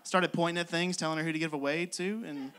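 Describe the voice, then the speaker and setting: A man's voice: on the high side, steady tone, fast, a bit bright, clear, resonant tone. A young man doing a stand-up comedy set on a club stage, telling exasperated, self-mocking stories and laughing often.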